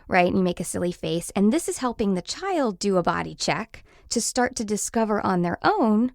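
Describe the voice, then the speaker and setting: A woman in her thirties, a parenting expert explaining her advice on a podcast in a reassuring way, sometimes acting out gentle lines to a child. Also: medium pitch, lively intonation, normal speed, vocal fry, few pauses, no room sound, studio quality.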